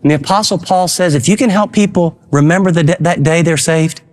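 Male pastor, high voice, fervent sermon delivery. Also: brisk. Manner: impassioned, acts out an encouraging father.

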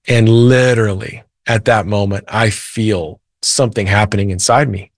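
Speaking at normal speed with a fairly low, fairly even voice, a man from the United States tells his faith testimony as a podcast guest. He's earnest, quotes dialogue and adds light laughs, and the sound is clean studio audio with no echo.

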